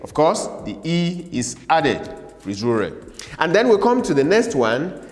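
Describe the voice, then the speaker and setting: Slow, lively-voiced male language teacher. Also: fairly high pitch, in a large hall, faint music behind. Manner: repeats words slowly and asks listeners to say them after him. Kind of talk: slow classroom lesson with repetition drills.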